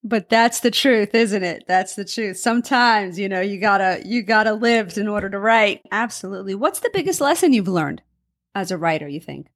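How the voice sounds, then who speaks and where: Woman host, mid-pitched, upbeat questions, keeps guest talking. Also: expressive, normal speed. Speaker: interviewer, host. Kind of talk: conversational interview.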